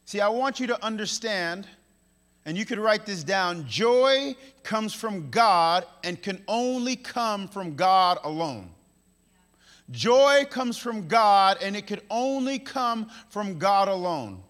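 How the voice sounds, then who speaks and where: High-voiced, bright male preacher. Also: animated. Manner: emphatic, repeats key lines, swings between loud and hushed; playful asides and quick voiced-up quotes. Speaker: pastor. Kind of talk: sermon. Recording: long hall reverb.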